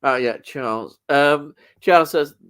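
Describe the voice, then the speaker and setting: A man's voice: fairly high pitch, measured pace, fairly bright tone, clean tone. A man hosting a live chat show, easygoing, reading out viewer comments. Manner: easygoing, backchannels and chuckles along.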